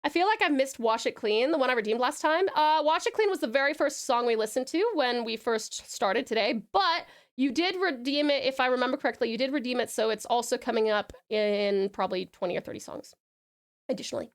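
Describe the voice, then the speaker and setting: High-voiced Australian woman streamer. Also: fairly quick. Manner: affectionate, reads chat aloud, calls viewers darling and sweetheart; demonstrates purring and rolled R's. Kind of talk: casual live-stream chat.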